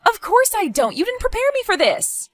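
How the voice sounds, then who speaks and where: A young babysitter in over her head, talking in a frantic, pleading rush. Her voice swings widely, climbing sharply when she feels ignored. Soft music hums behind her in this animated story. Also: fairly high pitch, normal speed. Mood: exasperated. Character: anxious young woman babysitting, easily alarmed. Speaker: stepmother-to-be left babysitting.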